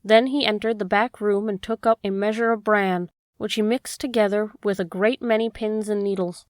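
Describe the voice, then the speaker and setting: A woman narrating a classic children's book in a steady, measured way. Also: medium pitch, no room sound, clean studio sound. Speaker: audiobook reader. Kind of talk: storybook narration.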